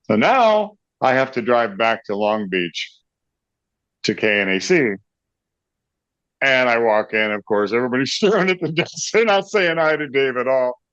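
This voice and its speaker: This clip features a middle-aged rock singer, a guest in an interview, who tells a story with gusto, frequently laughing and imitating its characters. He speaks in a mid-range, clear, resonant voice, fairly bright and animated, at a moderate speed with no room sound. The lo-fi audio is dry and slightly dull.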